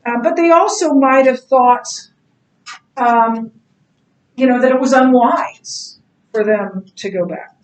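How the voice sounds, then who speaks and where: A middle-aged woman teaching a Bible class in a casual, animated way, telling stories and laughing easily. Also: fairly high pitch, slow pace, pauses often. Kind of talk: casual classroom lecture with anecdotes. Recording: echoey classroom, distant mic.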